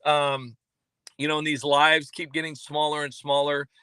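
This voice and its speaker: A man with a smooth voice on the high side runs a laid-back livestream from a coffee shop at a moderate pace. He reads chat names aloud and rambles deadpan, poking fun at himself amid many fillers and restarts, all captured in a dry recording.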